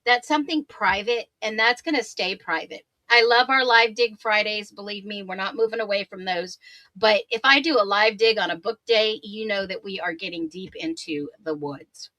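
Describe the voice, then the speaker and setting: An upbeat woman hosts a live stream, greeting her viewers by name and laughing as she chats. Her voice is bright and a touch hoarse, and the sound is close and dry with no room around it. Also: mid-range voice, moderate pace, dry recording. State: slightly hoarse voice. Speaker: true crime livestream host. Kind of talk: casual livestream chat, reading viewer comments.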